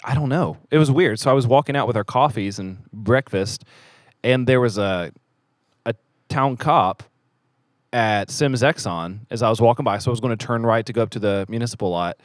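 A man co-hosting a podcast in a loose, joking way, wandering through stories. His voice sits at a medium pitch and is picked up close and dry, with no room echo. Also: normal speed. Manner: joking, playful, rambling. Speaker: podcast co-host. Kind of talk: casual podcast chat. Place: small studio room in a theater.

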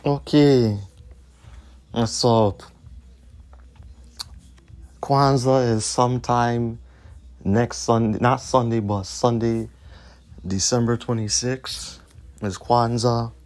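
A man's voice: mid-range voice, fairly even intonation, takes it slowly, pauses often, a little mellow. A man hosting his own podcast, ranting in a combative, profane way and repeating his points. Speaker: podcast host.

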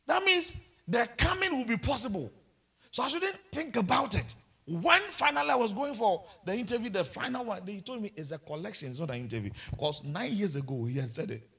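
A man preaching a sermon, telling personal stories with lively, stammering restarts. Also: high voice, a little fast, creaky, slightly rough.

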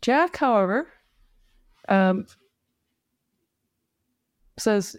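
Halting woman with a smooth voice. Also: medium pitch, steady tone, a little mellow, no room sound, studio quality. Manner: halting, with many fillers and restarts; emotional at moments. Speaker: physician, podcast guest. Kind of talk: personal story told in an interview.

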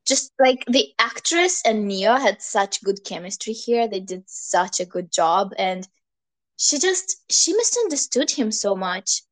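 A woman co-hosting a podcast in casual chat, emotional and quick to exclaim, quoting scenes she watched. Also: medium pitch, lively intonation. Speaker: podcast co-host.

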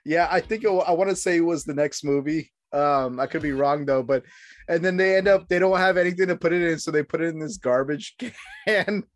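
High-voiced man, casual profane chat. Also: a little fast, dry recording. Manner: laughs often, swears freely, acts out quotes.

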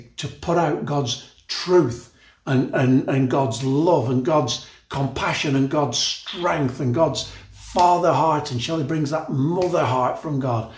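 A man's voice: fairly high pitch, echoey room. A man in his sixties preaching a sermon as a pastor, emphatic and chatty, often repeating words and restarting his sentences. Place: church.

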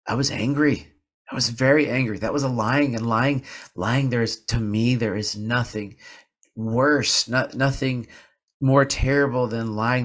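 A man's voice: mid-range voice, a bit bright. A man hosting a podcast, telling a personal story in an earnest, confessional way and repeating words for emphasis. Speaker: podcast host. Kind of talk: personal reflective podcast monologue.

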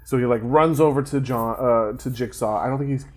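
A man's voice: medium pitch, brisk, background noise. Man rambling through a film recap. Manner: rambling, lots of fillers and restarts. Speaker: podcast co-host. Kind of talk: casual chat recapping a film.

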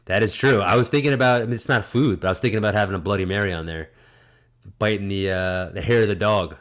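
A man co-hosting a casual comedy podcast, rambling with fillers and chiming in with quick reactions. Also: lowish voice, fairly bright tone. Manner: rambling, laughs easily, lots of fillers. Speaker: podcast co-host.

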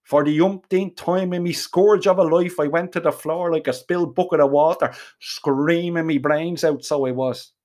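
A man's voice: on the high side, steady tone, normal speed, hardly any pauses, darkish tone. A man with an Irish accent telling a comic first-person story, rambling and full of swearing and colourful slang.

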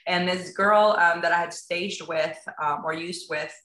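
A woman's voice: fairly low pitch, steady tone, unhurried, a bit bright. Chatty woman in an echoey room. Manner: chatty, acts out dialogue, many fillers like "like" and "um". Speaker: realtor and TV show guest. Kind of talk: casual interview chat.

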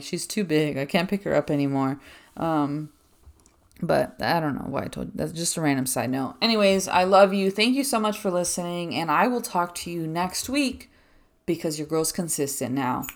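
Low-voiced chatty young woman podcaster. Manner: rambling, chatty, filler-heavy with frequent "like". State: out of breath. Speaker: podcast host. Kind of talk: casual solo podcast chat.

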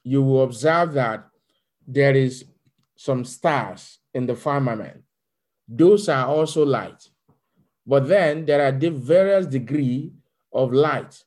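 A man's voice: mid-range voice, takes it slowly, a little mellow. A man pastor delivering a sermon, preaching in repeated declarations and leading prayer.

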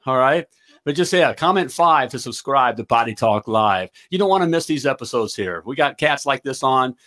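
An excitable man hosting a live plumbing business show, hyped up and stumbling over his words. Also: mid-range voice, normal speed. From United States. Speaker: host of a plumbing business livestream.

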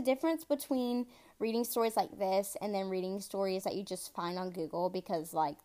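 A woman hosting a casual true-crime podcast, chatty and excitable, talking straight to her listeners and stumbling over words now and then as she reads. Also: mid-range voice, moderate pace. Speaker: podcast host.

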